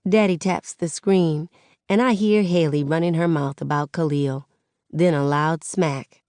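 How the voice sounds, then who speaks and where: A woman's voice: deep voice, steady tone, unhurried, darkish tone, no echo, clean studio sound. A woman narrating a first-person audiobook in a conversational storytelling way. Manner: conversational teen-voiced storytelling.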